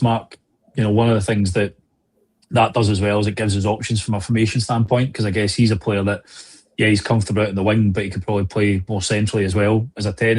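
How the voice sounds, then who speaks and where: A man hosting a casual football podcast, measured and passing the talk to co-hosts by name. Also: fairly low pitch, darkish tone. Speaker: podcast host.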